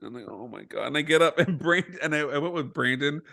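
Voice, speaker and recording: A young man on a podcast telling a self-mocking story in an animated way, swearing and laughing as he goes. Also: fairly high pitch, fast talker. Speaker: podcast co-host. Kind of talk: casual storytelling.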